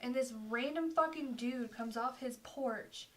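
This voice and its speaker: A young woman with a slightly high voice, chatting casually on a podcast. She tells her stories with animation and swears freely, slipping into the voices of the people she quotes. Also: a little slow, a bit bright. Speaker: podcast co-host. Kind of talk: casual storytelling chat.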